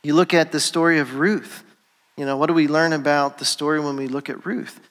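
A male pastor giving a sermon, telling the story in a relaxed, conversational way and briefly acting out the voices of its characters. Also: on the high side, brisk, long reverb tail. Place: church sanctuary.

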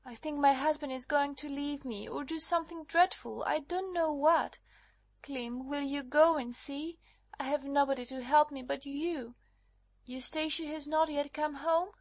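A woman's voice: high-pitched, a little slow, no echo. A woman playing a breathless, frightened young wife. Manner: breathless, urgent. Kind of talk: dramatized audiobook reading.

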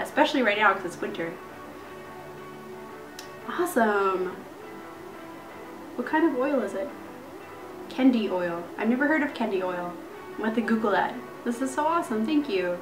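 A young woman vlogger chatting casually as she unboxes beauty gifts, gushing and excited. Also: medium pitch. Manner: bubbly, gushing, lots of "like" and "so cool". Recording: echoey room with faint music.

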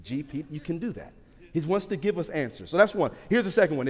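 A man preaching a sermon to his church in a lively, joking, conversational way. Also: fairly high pitch, fast talker, husky. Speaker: pastor. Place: large church hall. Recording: hall reverb.

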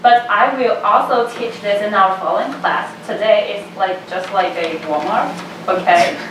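A woman's voice: mid-range voice, normal speed. A woman teaching a language class, patiently explaining step by step and modeling the sounds for her students. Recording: echoey room from a distance, faint noise.

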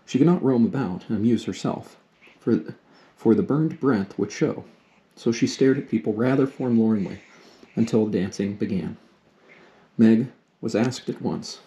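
A father reading a classic novel aloud to his daughter at a steady, unhurried pace. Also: fairly low pitch.

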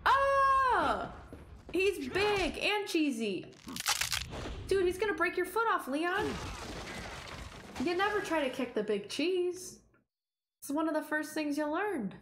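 Jumpy high-voiced woman streamer. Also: big pitch swings, measured pace, pauses often, reverberant, background noise. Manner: jumpy, shrieks at scares, chatty with viewers. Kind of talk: live game commentary.

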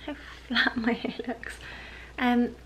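A woman's voice: a little high, little pitch movement, slow pace, a bit bright, a little hiss or hum. A young woman chatting casually at home on her sofa, rambling and giggling through a haul vlog. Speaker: lifestyle vlogger. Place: home living room, on the sofa.

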